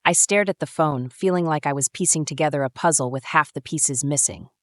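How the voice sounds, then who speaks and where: Woman in her 30s telling a story in first person, really low voice, super dry sound. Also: a little fast, no echo. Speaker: narrator.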